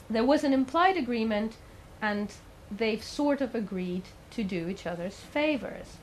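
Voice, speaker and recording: A woman's voice: fairly high pitch, lively intonation, unhurried, a little hiss or hum, poor audio. Woman telling a story in a talk. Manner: conversational, asks the audience questions. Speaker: speaker giving a talk. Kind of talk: storytelling lecture.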